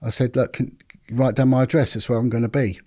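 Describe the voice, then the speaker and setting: A man's voice: medium pitch, brisk. A man, a former detective telling stories casually on a podcast and acting out what others said. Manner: animated, repeats words, acts out quotes.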